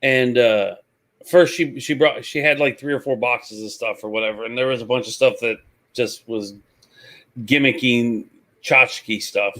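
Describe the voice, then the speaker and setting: A man on a talk show, telling a lively anecdote and acting out the voices. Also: medium pitch, a little slow. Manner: animated, acts out voices in anecdotes. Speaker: guest, reseller. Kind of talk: casual storytelling.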